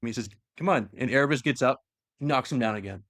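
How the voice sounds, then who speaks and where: Retelling lore for his co-host, this podcast host speaks at a quick pace in a medium pitch, telling the long story casually and animatedly with acted-out quotes and many fillers. The audio is studio quality with no room sound.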